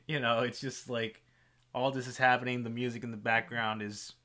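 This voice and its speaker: A man's voice: mid-range voice, level tone, moderate pace, bright, forceful tone. A man co-hosting a podcast, reviewing a film in casual chat, rambling with lots of fillers. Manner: rambling, filler-heavy, laughs easily. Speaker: podcast co-host.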